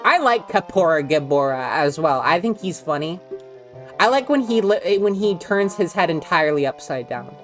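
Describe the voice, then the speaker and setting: A woman's voice: lowish voice, sing-song, normal speed, soft background music. A woman casually chatting and swearing while streaming a video game, rambling with frequent laughs.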